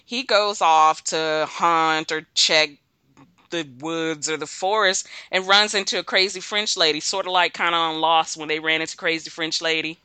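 A woman's voice: low voice, fairly even intonation, moderate pace, pushed and bright, clear, resonant tone, dry recording. A woman co-hosting a casual chat show, rambling and giggling as she talks. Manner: rambling, giggly, self-deprecating. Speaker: podcast co-host.

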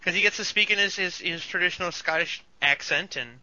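A man's voice: sits high, brisk, bright, forceful tone. A man co-hosting a casual fan podcast, talking eagerly and joking, often quoting lines in put-on voices. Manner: enthusiastic fan, jokey, quotes lines in voices. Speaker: podcast co-host. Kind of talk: casual chat. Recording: dull lo-fi recording.

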